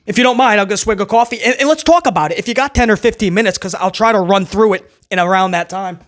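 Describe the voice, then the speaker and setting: A man's voice: high voice, quick pace, fairly bright tone. A man hosting a casual wrestling review, talking sarcastically and rambling with stammered restarts. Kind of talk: casual video review rant.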